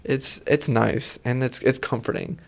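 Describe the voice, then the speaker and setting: A man's voice: mid-range voice, steady tone, measured pace, vocal fry. A man hosting a casual conversation, reflective and somewhat hesitant, with many fillers as he asks questions. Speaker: host.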